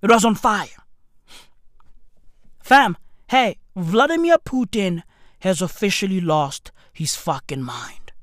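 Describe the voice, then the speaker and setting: A woman in a slangy, profane comedic rant who keeps asking rhetorical questions and swings from shouting to hushed muttering. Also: medium pitch, expressive, takes it slowly, long pauses, no echo, clean studio sound. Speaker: commentator.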